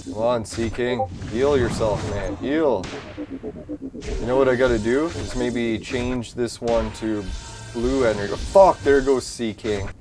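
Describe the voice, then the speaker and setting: A man at a mid pitch commentating on a game, grumbling, swearing and muttering to himself as the fights go badly. Game music plays clearly under his voice. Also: a little slow. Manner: cursing, easily frustrated, talks to himself. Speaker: gaming channel host. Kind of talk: casual gameplay commentary.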